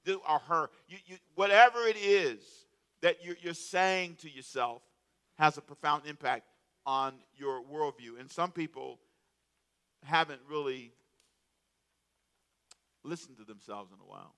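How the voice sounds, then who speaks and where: Pastor guy preaching, bright forceful voice, keeps repeating himself and getting the crowd to answer. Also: a little high, normal speed. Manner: animated, repeats words, calls out to the congregation. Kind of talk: sermon.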